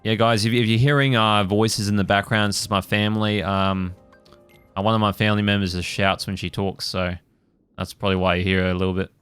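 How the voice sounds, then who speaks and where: A man's voice: on the low side, level tone, brisk, fairly bright tone, smooth, no room sound, soft background music. Casual rambling gaming man. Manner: casual, rambling with many fillers and swearing. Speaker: gaming channel host. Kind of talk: let's play commentary.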